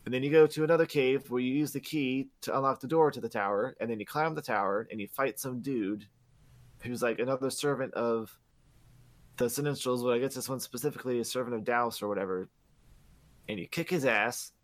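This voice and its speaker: A man's voice: medium pitch, fairly quick. A man co-hosting a podcast recaps a video game's story in loose, meandering fashion. He fills his sentences with "like" and "uh" and swears freely as he goes. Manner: rambling, profane, many fillers. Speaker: podcast co-host. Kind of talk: casual game recap.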